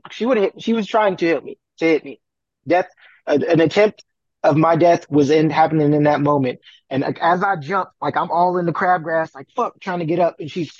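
A man co-hosting a podcast, telling a story in an animated, profane way and acting out the voices he quotes. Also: a little high, no echo, dull audio. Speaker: podcast co-host. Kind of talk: casual storytelling.

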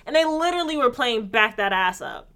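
A woman's voice: a little high, expressive, a little fast, pushed and bright. A young woman co-hosting a casual podcast chat, blunt and sardonic, swearing freely. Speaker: podcast co-host.

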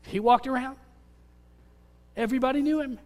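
A man preaching, telling an earnest personal testimony that swings between loud calls and hushed moments. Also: extremely high pitch, moderate pace. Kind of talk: sermon testimony. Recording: long hall reverb.

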